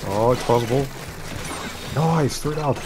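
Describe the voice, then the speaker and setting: Very low-voiced woman calling out plays. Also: very noisy. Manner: quick reactive callouts. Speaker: teammate. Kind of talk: casual gameplay chatter.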